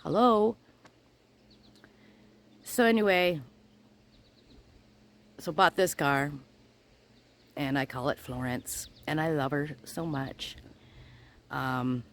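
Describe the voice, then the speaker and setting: A woman's voice: low-pitched, slow pace, long pauses. A middle-aged woman, hosting her crochet channel and chatting casually as she tells a story, acting out both sides of each conversation.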